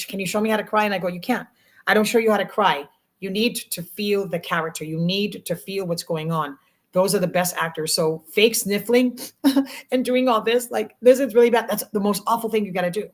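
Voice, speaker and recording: A middle-aged woman actress telling stories in a casual interview, emotional and animated, with many restarts. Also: mid-range voice. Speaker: actress guest.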